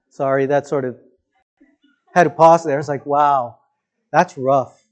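A man preaching a sermon with a slightly high voice. He talks in a conversational way and keeps checking in with his listeners. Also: fairly even intonation, takes it slowly, long pauses. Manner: conversational, asks the congregation questions. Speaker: pastor.

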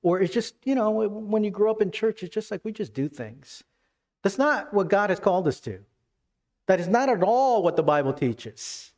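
A pastor preaching a sermon, animated and casual, rising with excitement as he retells scripture scenes. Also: moderate pace. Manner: animated, rises in pitch when retelling scenes.

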